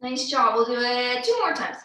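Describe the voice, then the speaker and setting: A woman's voice: fairly high pitch, expressive, normal speed, fairly bright tone. A young adult woman guiding a children's yoga class, upbeat and encouraging, with playful animal sounds and sung cues. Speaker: kids yoga teacher. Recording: echoey room, voice from a distance.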